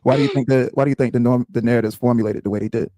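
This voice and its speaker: A man interviewing a guest in a calm, measured, agreeable way. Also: medium pitch, no echo.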